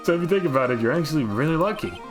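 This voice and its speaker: A man's voice: a little high, animated, racing, voice pushed up, natural voice. A man doing a breezy young woman animal tamer. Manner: bright, sing-song, brushing things off. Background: game music.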